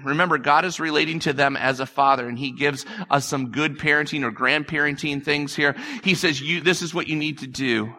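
A man's voice: fairly high pitch, fairly quick, hardly any pauses, bright, forceful tone. A male pastor preaching a conversational sermon, repeating phrases and acting out quotes.

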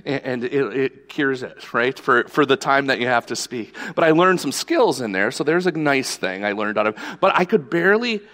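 A man's voice: mid-range voice, expressive, moderate pace, few pauses, a bit bright, big-room sound. A male pastor preaching a sermon, telling a personal story in a conversational storytelling way.

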